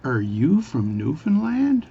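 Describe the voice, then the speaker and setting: Joke figure: polite bartender, slow and deliberate, gravelly, muffled recording, put on by a man. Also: fairly high pitch, wildly swooping pitch, pitched above the performer's own voice, exaggerated voice. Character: Spanish bartender, plain and polite.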